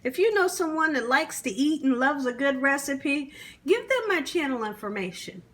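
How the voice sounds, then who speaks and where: A woman hosting her cooking channel, tasting her food on camera with long humming sounds and sometimes dropping into an excited whisper. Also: high voice. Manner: savoring with long humming "mm"s, drawn-out and slow.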